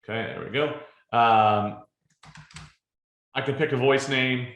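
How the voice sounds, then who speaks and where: Man casually walking through a software demo. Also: medium pitch, slow pace, lo-fi sound. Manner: relaxed, filler-heavy explaining with frequent "right?". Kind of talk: casual screen-share product demo. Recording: roomy echo.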